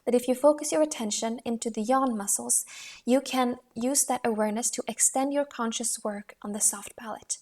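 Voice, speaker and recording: A woman reading a voice-training book aloud in a calm, measured way, with the occasional restart. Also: on the high side.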